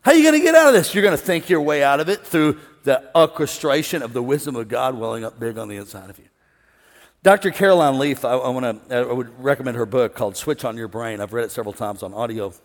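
Middle-aged pastor preaching in an echoing hall. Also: male voice, medium pitch, fast. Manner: animated, swinging from loud excitement to hushed calm. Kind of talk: sermon. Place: large church hall with an audience. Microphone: wireless stage mic. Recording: long hall reverb.

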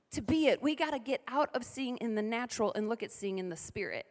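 Middle-aged woman pastor preaching, high voice, lots of call and response, big hall echo. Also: a little fast, a faint crowd. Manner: lively preaching with call-and-response and acted quotes. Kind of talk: sermon. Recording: reverberant hall.

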